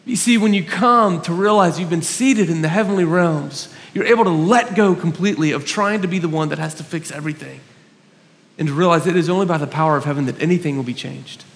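A man's voice: fairly high pitch, fast talker, fairly bright tone. A male pastor giving an earnest sermon, telling stories about himself with self-mocking humor. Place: church hall. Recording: long hall reverb.

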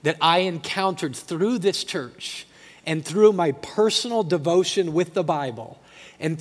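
Long hall reverb fills this recording from a church sanctuary, where a middle-aged male pastor delivers a passionate, emotional sermon with emphatic repetition. His voice is fairly high, expressive, and slow.

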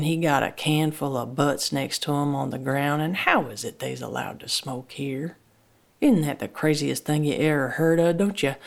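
Gravelly woman telling a plain-spoken story. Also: low-pitched, darkish tone. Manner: plain-spoken, repetitive, halting restarts. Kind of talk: first-person dialect monologue.

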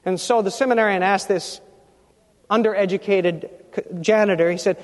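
A man preaching a sermon as pastor, emphatic, rising to loud climaxes, in a church sanctuary. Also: sits high, normal speed. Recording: long reverb of a large church hall.

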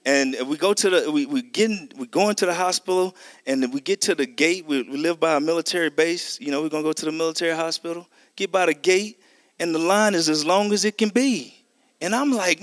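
A man's voice: on the high side, fairly quick, dry recording. A middle-aged man preaching a testimony sermon, telling a story animatedly and acting out the dialogue. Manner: conversational, addresses listeners as y'all.

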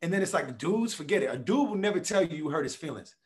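A podcast guest with a fairly high voice talks fast, casually and bluntly in conversation. He swears freely and tells his stories with animation, acting out quotes as he makes his points.

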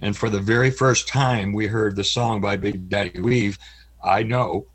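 Middle-aged male interview guest, low husky voice, halting and heartfelt, voice prone to cracking. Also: fairly even intonation. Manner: halting, earnest, pauses often. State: voice cracks with emotion. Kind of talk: candid personal interview.

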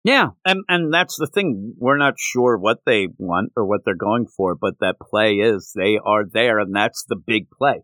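A man co-hosting a casual podcast, recapping a manga chapter in an animated way and jumping up in pitch when he quotes characters. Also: unhurried, hardly any pauses, no echo, poor audio. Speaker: podcast co-host.

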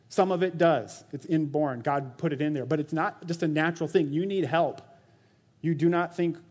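A man's voice: on the high side, darkish tone. A man in his thirties preaching a sermon, earnest and exhorting, slipping into mocking quoted voices. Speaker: pastor.

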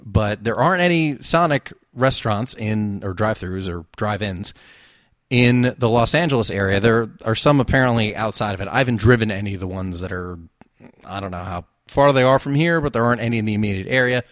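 A man's voice: fairly low pitch, a little fast, fairly bright tone, dry recording. A man hosting a casual solo show, making dry, sarcastic asides as he talks. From New Jersey. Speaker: podcast host.

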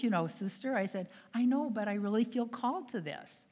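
A woman's voice: on the high side, expressive, fairly quick, darkish tone, husky. A woman giving a storytelling talk to an audience, acting out the voices of the people she quotes and laughing often. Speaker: speaker at a retreat. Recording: long hall reverb.

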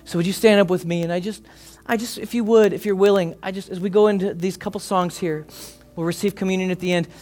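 A man with a high voice preaching to a church congregation. He delivers an impassioned sermon, rising to loud calls and then dropping to hushed, almost whispered lines. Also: steady tone, fast, soft background music. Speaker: pastor. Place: church service before a congregation.

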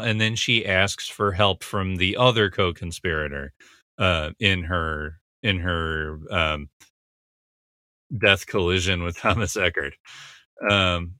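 Recorded close and dry without any room echo, a man with a fairly low yet very bright, sharp voice analyzes a TV scene. He recaps its dialogue in a casual way, pausing frequently on filler words.

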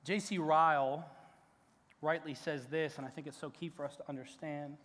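A man's voice: fairly high pitch, steady tone, moderate pace, fairly bright tone. A male pastor preaching a sermon in a conversational, emphatic way, with restarts and rising peaks of intensity. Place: church sanctuary. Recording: long church hall reverb.

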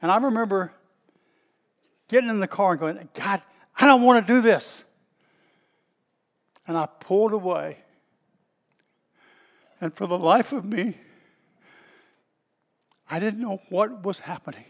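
A middle-aged man with a Southern US accent, a pastor preaching in a folksy, storytelling way that bursts out loud at times. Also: high voice, a little slow, long pauses, long reverb tail. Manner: folksy and animated, stretches words, bursts out loud. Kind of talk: storytelling sermon.

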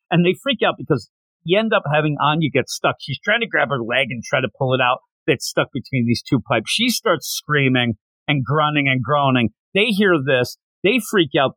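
A man hosting a podcast, casually recapping a manga chapter and acting out the characters' lines with lively shifts of pitch. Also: no echo, low-quality recording. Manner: animated retelling with acted-out quotes. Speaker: podcast host.

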